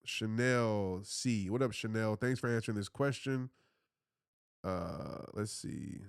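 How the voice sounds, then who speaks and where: A man's voice: on the low side, slow, gravelly, smooth, dry recording, studio quality. A man in his thirties, a motivational speaker giving earnest, casual answers to viewers on a live stream, repeating his points and calling them y'all.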